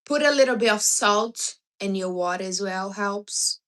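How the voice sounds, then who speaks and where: Woman, livestream host, casual chat, blunt and teasing, mid pitch. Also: unhurried, a bit bright. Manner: blunt, teasing advice with non-native grammar.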